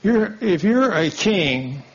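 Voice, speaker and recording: A man's voice: sits high, lively intonation, slow. A man preaching a sermon, telling a folksy story and acting out the dialogue. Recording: dull lo-fi sound.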